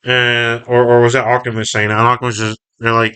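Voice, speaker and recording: A man's voice: medium pitch, completely flat delivery, a little fast, pushed and bright, clean tone. A man casually reading and reviewing a comic book, recapping the story in a rambling, self-correcting way.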